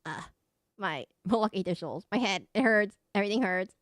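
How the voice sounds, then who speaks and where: A woman's voice: medium pitch, expressive, normal speed, no echo, studio quality. Woman streamer reading game lines aloud. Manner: reads character lines dramatically, breaks off to react and laugh. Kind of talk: reading game dialogue aloud during a let's play.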